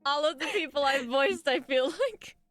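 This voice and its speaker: A woman's voice: high voice, lively intonation, normal speed, a bit bright, dry recording, faint music behind. A woman streamer chatting casually and jokily during a game stream, giggling often. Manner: giggly, joking.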